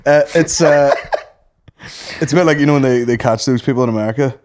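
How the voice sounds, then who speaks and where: A young Northern Irish man speaks at a middling pitch, relaxed and sweary. He laughs his way through rambling stories in casual podcast chat. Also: quick pace. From Northern Ireland. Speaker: podcast co-host.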